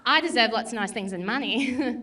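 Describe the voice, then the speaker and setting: A woman's voice: on the high side, brisk, pushed and bright. A woman stand-up comedian, brash and bawdy, talking confidently to a club crowd. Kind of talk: stand-up set and interview.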